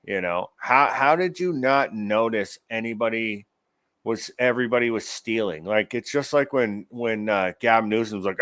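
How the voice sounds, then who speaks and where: A man's voice: lowish voice, normal speed, pushed and bright, dry recording. Male host, rambling profane rant, casual commentary, dry close mic. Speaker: show host.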